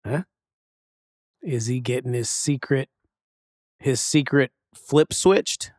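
A jokey man riffing as co-host of a comedy podcast, swearing freely as he reacts. His pitch swings widely from line to line. The recording is close and dry. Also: animated, slow pace, a little mellow, no echo. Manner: jokey, swears, puts on a drawl. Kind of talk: casual comedic chat.

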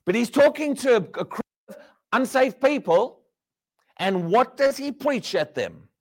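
Male preacher, high and lively pitch, sermon full of rhetorical questions, shifting between loud and hushed lines. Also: measured pace.

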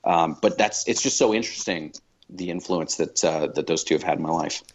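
A man's voice: low voice, fairly quick, dull audio. A man talking as a podcast guest, thoughtful and reflective, with many fillers and restarts. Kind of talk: reflective conversation.

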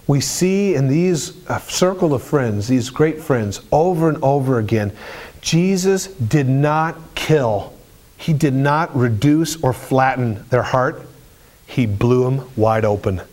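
A man preaching a sermon in an animated, storytelling way, with colloquial asides and frequent restarts. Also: mid-range voice.

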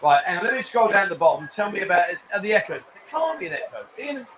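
A man's voice: high voice, sing-song, fast talker, noisy background. Cheeky rambling male stream host. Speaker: live-stream show host. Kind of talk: casual live-stream chat, reading viewer comments.

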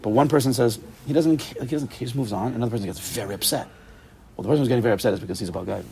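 A man leading an informal Torah class, animated and playful, full of rhetorical questions. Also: medium pitch, racing, slight background noise.

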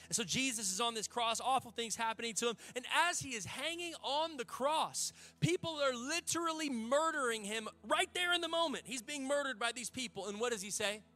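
Fervent high-voiced pastor preaching. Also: male voice, animated, a little fast, hardly any pauses, bright, forceful tone, faint music behind. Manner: fervent, conversational preaching with folksy asides. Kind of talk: sermon. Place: church hall with a congregation.

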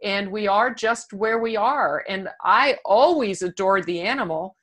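A woman's voice: medium pitch, unhurried, fairly bright tone. A woman dog trainer guesting on an interview show, speaking in an upbeat, matter-of-fact way. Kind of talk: casual interview chat.

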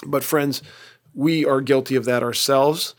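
A man's voice: medium pitch, fairly even intonation, unhurried. A middle-aged man giving an earnest, plainspoken devotional Bible talk as a pastor. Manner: earnest, plainspoken, ends in prayer.

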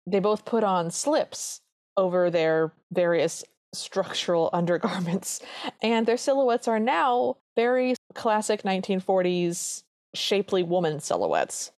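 Expressive and darkish at medium pitch, this woman co-hosts a podcast where she casually reviews an old cartoon. Her delivery is earnest and chatty with quick asides, recorded clean in a studio without room sound.

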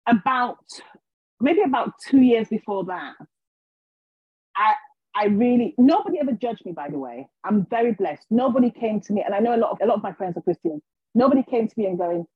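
Husky-voiced woman telling a story. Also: medium pitch, a little fast, no echo, highs cut off. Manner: animated, acts out quotes, frequent restarts. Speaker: podcast guest, healer. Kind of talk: casual storytelling in an interview.

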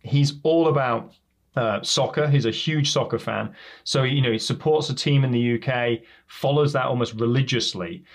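A man appears as a guest on a casual podcast. His voice is mid-pitched. He speaks fluently and thoughtfully, telling stories about his family. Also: moderate pace. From England. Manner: fluent, reflective storytelling. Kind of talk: casual interview chat.

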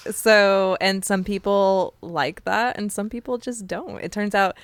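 A woman co-hosting a farm comedy podcast in relaxed casual chat. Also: mid-range voice, measured pace, no room sound. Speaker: podcast co-host.

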